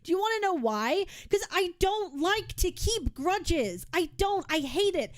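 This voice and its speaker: With an extremely high-pitched, very animated voice, this woman streamer nonetheless speaks unhurriedly. She vents to chat about friends in a casual livestream rant, swearing heavily, sounding frustrated, and repeating and restarting her words.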